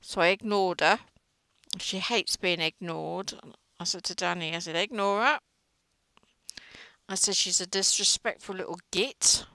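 A woman's voice: on the low side, a little slow, vocal fry, sharp tone, no echo, poor audio. A middle-aged woman chatting and gossiping while she crochets, often trailing off mid-sentence. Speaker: crochet vlogger. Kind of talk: casual chat while crocheting.

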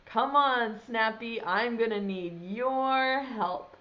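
A woman's voice: a little high, slow. A woman voicing an eager little boy in a picture book who exclaims as he searches. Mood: earnest. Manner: excited, exclaiming. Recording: dull lo-fi sound.

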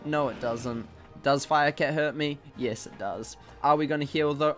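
A man's voice: mid-range voice, normal speed, fairly bright tone, soft background music. A man giving casual, jokey commentary while playing a video game, mocking himself and exclaiming at what happens. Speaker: gaming channel host.

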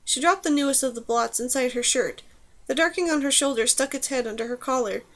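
A woman reading fiction aloud as an audiobook narrator, steady and even. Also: high-pitched, fairly quick. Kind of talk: scripted narration.

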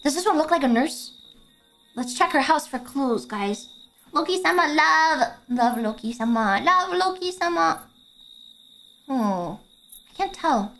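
A young woman chats her way through a game stream, excitable and quick to laugh, swearing and stammering as she reacts. Her voice sits very high and swoops all over. Its tone is bright and sharp, with faint game music playing underneath. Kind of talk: casual game-stream chat.

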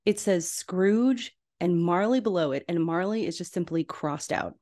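A young adult woman hosting a podcast, chatting casually and gushing about an old animated film. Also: lowish voice, moderate pace. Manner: gushing, enthusiastic, chatty with laughs. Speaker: podcast host. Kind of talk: casual film rewatch commentary.

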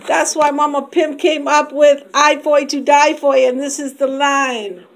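A woman with a high, bright voice rattles off a rhyming, slang-filled pitch for her homemade serums and soaps. She pushes hard and boastfully, then drops to a low murmur before building back up. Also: flat delivery, normal speed. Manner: swings between loud hype and low murmur. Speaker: homemade skincare seller. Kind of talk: hyped home product showcase.

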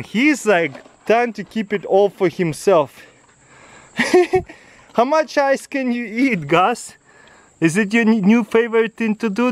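A man's voice: sits high, animated, takes it slowly, rough recording. A man vlogging outdoors with his dogs, laughing often as he coaxes and praises them. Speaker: dog owner vlogging his huskies. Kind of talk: casual outdoor vlog, talking to his dogs. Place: outdoors in a yard. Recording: loud outdoor background noise.

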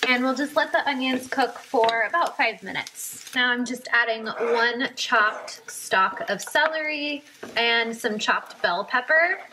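A woman's voice: a little high, unhurried, few pauses, noisy background. A young woman vlogger talking casually through her cooking at home in a kitchen, chatty and upbeat with frequent "like"s. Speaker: wellness vlogger. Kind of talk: casual cooking vlog narration.

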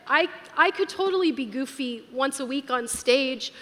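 High-voiced woman preaching in a hall. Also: animated, moderate pace, a bit bright. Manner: earnest, emotional, chatty. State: tearful at times. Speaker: pastor. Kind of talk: sermon. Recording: live hall with long reverb, faint music.

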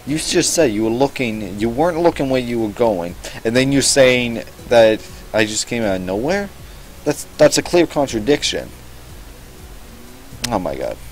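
Playing through a visual novel, a young gamer reads the text out loud and throws in sarcastic, profanity-laden remarks. He speaks at a moderate pace with a medium pitch and lively intonation, on a rough recording with slight background noise.

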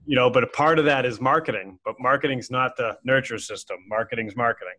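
A man's voice: medium pitch, fast, sharp tone. A man co-hosting a casual business talk show, rambling with many fillers and restarts. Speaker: podcast co-host. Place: office with a whiteboard behind.

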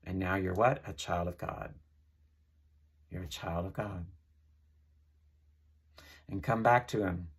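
Male preacher, low husky voice, earnest, repetitive prayer-leading delivery. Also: unhurried, pauses often. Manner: earnest, leads listeners in prayer, repeats phrases. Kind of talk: informal sermon.

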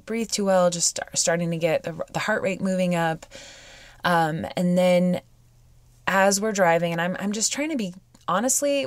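A woman hosting a podcast, telling a personal story in a halting, emotional way with many fillers and restarts, sounding weepy. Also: fairly low pitch, no echo. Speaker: podcast host.

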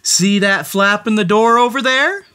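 A woman's voice: medium pitch, a little slow, bright, forceful tone. A woman reading a children's picture book aloud, playful and theatrical, talking to the character with gasps and exclamations. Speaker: storybook reader. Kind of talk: children's read-aloud storytelling.

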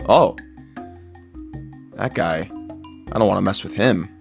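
A man giving excitable, jokey commentary while playing a survival game, squealing high whenever he is delighted. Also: takes it slowly, vocal fry, faint music behind. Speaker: gaming video creator.

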